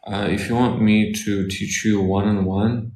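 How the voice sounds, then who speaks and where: A man with a Russian accent, a Russian tutor answering questions in a casual lesson, repeating Russian words slowly for practice. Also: lowish voice, steady tone, darkish tone. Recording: echoey room, faint noise.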